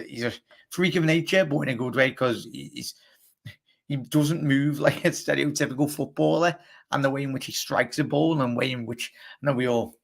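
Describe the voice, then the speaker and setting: Groggy gravelly Scouse man chatting. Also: mid-range voice. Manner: chatty, rambling, reads out and answers viewers. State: groggy, hoarse voice. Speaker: livestream host. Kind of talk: casual live-chat football talk.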